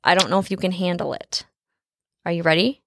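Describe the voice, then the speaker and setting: A woman's voice: on the low side, steady tone, a little fast, creaky, no echo, studio quality. A middle-aged woman hosting a casual family podcast with her child, playful and teasing. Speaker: podcast host, mother.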